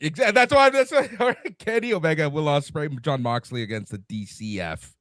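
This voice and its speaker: A man co-hosting a casual wrestling podcast, trading quick agreeable back-and-forth. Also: a little high, animated, a bit bright, dry recording, clean studio sound. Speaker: podcast co-host.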